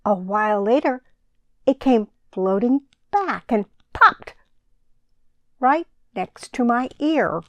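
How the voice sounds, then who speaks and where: A woman reads a picture book aloud to children at church, slow and deliberate. Her voice sits a little high. The sound is dry and close. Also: dry recording, lo-fi sound. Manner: slow, deliberate, expressive reading. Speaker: children's sermon storyteller.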